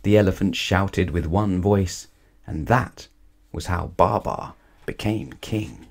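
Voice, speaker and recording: A man reads a children's bedtime story aloud in a calm, measured way. His voice sits a little low, and his delivery is gentle and unhurried. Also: vocal fry, slightly rough.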